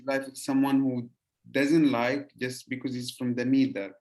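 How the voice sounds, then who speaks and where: A man from Yemen, a podcast host talking earnestly in casual conversation, pausing on "uh". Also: medium pitch, little pitch movement, a little mellow.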